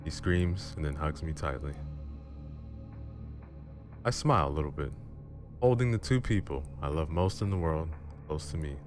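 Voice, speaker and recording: Over music that plays the whole way through, a man with an extremely low, booming voice tells a first-person story in a dramatic, measured, animated style. He signs off at the end as the channel's host.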